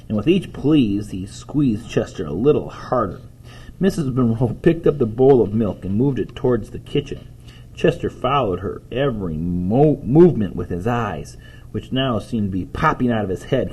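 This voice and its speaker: A man reading a children's storybook aloud, playful and animated, in a husky voice. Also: fairly low pitch, normal speed. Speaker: reader.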